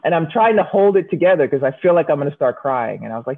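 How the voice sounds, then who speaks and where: Talking fast in a voice that sits low, a woman who used to put the shot at the Olympics tells interview stories. She's animated and acts out the quoted voices, and the recording has a narrow, phone-like quality.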